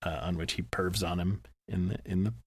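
A man co-hosting a podcast, recapping a movie in casual chat with deadpan, wry asides. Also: low-pitched, a little fast, breathy edge, no room sound. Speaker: podcast co-host.

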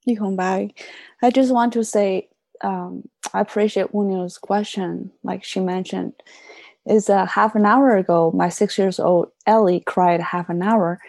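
Gravelly-voiced mother, hesitant and halting. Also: medium pitch, steady tone, a little mellow, no echo. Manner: hesitant, repeats words, non-native phrasing. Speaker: mother asking a question. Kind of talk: personal sharing in a group session.

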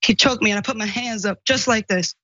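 A woman tells her own story in the first person, urgently and often repeating what others said. Her voice sits at a middle pitch. The audio is dry and slightly muffled. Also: a little fast, pushed and bright, no room sound. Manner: retells dialogue in quotes, urgent. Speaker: guest recounting an incident.

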